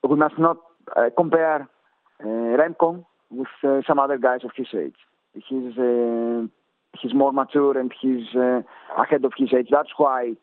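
A man's voice: mid-range voice, dry recording. A man with a Greek accent, a cycling coach answering interview questions, hesitant with many fillers and restarts. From Greece. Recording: tinny phone-like line.

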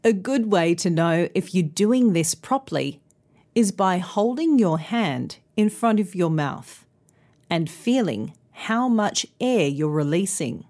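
A woman hosting a pronunciation lesson podcast, speaking slowly and carefully enunciating each sound. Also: fairly low pitch, expressive, darkish tone. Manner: slow, clear, carefully enunciated teaching. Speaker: pronunciation teacher and podcast host. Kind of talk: scripted instructional podcast.

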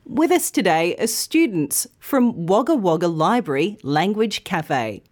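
Slow, lively woman teaching. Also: on the low side. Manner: slow, careful, clearly modelled sounds. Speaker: pronunciation teacher, host. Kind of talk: scripted lesson narration.

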